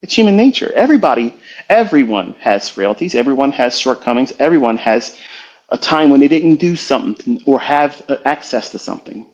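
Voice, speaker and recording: A middle-aged man talks in an earnest, confessional way, pausing and restarting as he works through his thoughts. His voice sits at an ordinary middle pitch. The sound is slightly muffled, like an online audio stream. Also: sing-song, a little mellow. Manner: earnest, confessional, slow and halting. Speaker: trading educator hosting a live audio room. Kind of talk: reflective motivational talk.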